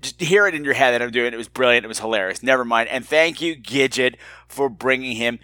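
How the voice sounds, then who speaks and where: A man hosts his podcast in a bright, forceful voice. He is campy, flirty and self-mocking as he riffs and reads listener emails. The recording is dry and close, with no room sound. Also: mid-range voice, brisk, no room sound. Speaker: podcast host. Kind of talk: casual solo podcast chat.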